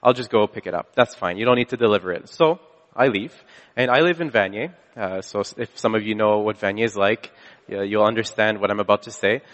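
A man's voice: lowish voice, brisk, fairly bright tone. A man preaching a sermon, telling a personal story in a casual, conversational way and often restarting his phrases. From Canada. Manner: casual storytelling with frequent restarts and self-corrections. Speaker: pastor. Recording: long hall reverb.

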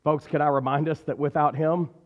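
A man's voice: a little high, level tone, brisk. A man preaching a sermon in a church, with an emphatic, repetitive cadence. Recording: dull recording with long hall reverb.

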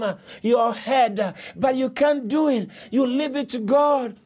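High-voiced, fervent male preacher. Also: darkish tone. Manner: fervent, impassioned preaching with bursts of tongues. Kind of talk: sermon.

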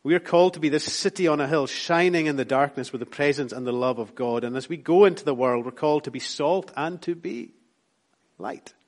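A Scottish man preaches from the pulpit. He builds his points through repeated emphatic lines, then lets his voice fall soft and low. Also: fairly quick. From Scotland. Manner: rhythmic, repetitive preaching with rising emphatic lines and soft drops. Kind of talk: sermon.

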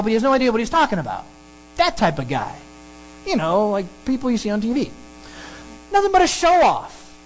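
Animated preacher with lively pitch swings. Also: a little hiss or hum, low-quality recording. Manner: animated, emphatic preaching with sudden pitch jumps. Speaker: pastor. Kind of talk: sermon teaching through a Bible passage.

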